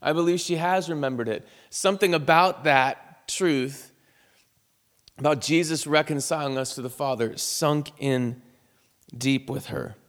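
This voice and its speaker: A male pastor delivers an earnest, heartfelt sermon built around a personal story. His voice sits a little high and has a gravelly edge. Long reverb from a large hall trails after every phrase. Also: unhurried, a bit bright.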